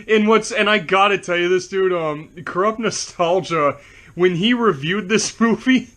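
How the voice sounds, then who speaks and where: A man's voice: high-pitched, measured pace, a bit bright. A young man co-hosting a casual movie review chat, telling stories and often breaking into laughter.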